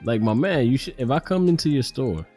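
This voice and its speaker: A man's voice: mid-range voice, expressive, brisk, mellow, husky, faint music behind. A man on a casual podcast, ranting with heavy swearing. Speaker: podcast co-host.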